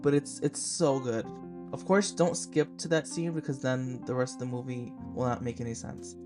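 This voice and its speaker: A man's voice: mid-range voice, fairly even intonation, normal speed, over music. A man in his twenties hosting a casual film review podcast. He talks in a chatty, gushing way and uses a lot of "like" fillers. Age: 20s. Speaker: podcast host.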